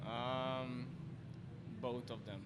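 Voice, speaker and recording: A man giving short hesitant answers to quick questions. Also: mid-range voice, fairly even intonation, background noise.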